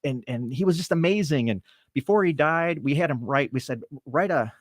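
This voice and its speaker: A man telling a story as a guest in a casual interview, animated and laughing often, acting out the voices of people he quotes. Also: fairly high pitch, normal speed, dry recording, clean studio sound. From Michigan, USA. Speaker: film producer-director, guest.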